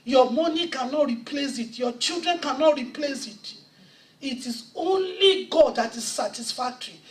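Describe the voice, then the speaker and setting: A woman preacher delivering an impassioned sermon, quoting scripture and rising to shouts at times. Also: high-pitched, animated, normal speed. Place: church sanctuary. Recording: echoey church sound from a distant mic.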